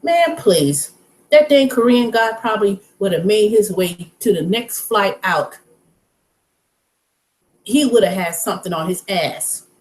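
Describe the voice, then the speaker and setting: A woman's voice: medium pitch, animated, measured pace, darkish tone. A woman hosting her own vlog, ranting bluntly and profanely in casual talk. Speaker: vlog host. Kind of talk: casual rant to camera. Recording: roomy echo.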